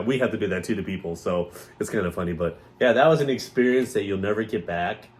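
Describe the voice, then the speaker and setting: A man co-hosting a podcast, telling stories in a rambling casual chat and mimicking other people's voices as he goes. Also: sits low. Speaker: podcast co-host.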